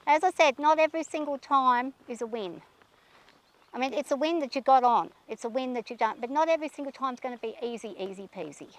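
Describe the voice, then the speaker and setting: High-voiced anxious woman riding a horse. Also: fast. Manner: nervous, talks herself through, soothes the horse. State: shaky and anxious. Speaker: horse rider vlogger. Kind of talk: talking while riding a horse. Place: outdoors on horseback.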